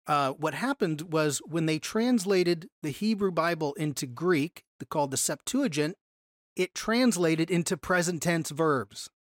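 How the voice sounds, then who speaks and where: A Bible study teacher lecturing a class, pitched in the middle of the range. The delivery is explanatory, full of restarts and self-corrections, with key words pushed up in pitch for emphasis. The sound is dry and close. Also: expressive, measured pace, no echo.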